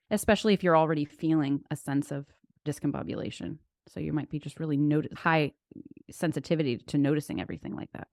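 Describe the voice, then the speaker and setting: A woman co-host with a very low voice, talking calmly as she explains a point. The sound is dry and close, with no room. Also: no room sound. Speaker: podcast co-host. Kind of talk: casual chat.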